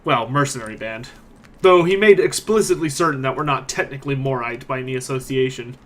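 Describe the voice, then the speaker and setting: A man voicing a blunt, gruff mercenary leader in a tabletop game. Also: medium pitch, brisk, fairly bright tone, close to an everyday voice.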